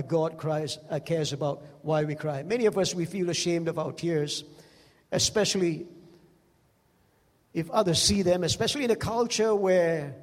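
A man's voice: sits high, long reverb tail. A man preaching a sermon, telling the stories with emphasis and calling out to the congregation. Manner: storytelling, emphatic with call-outs to the congregation.

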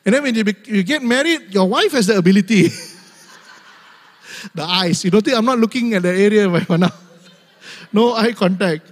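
Laughing pastor. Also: male voice, high-pitched, moderate pace, long pauses, big-room sound. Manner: laughs often, mimics voices in asides. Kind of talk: humorous sermon.

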